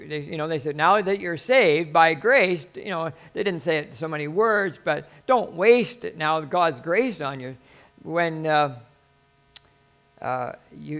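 High-voiced pastor preaching earnestly. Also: male voice, creaky, a bit bright. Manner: earnest, conversational preaching with sudden emphatic rises. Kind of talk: sermon.

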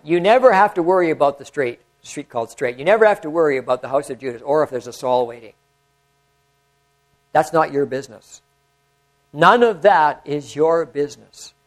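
A man preaching a conversational sermon, swinging from animated storytelling to hushed, prayerful tones. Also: high-pitched, poor audio.

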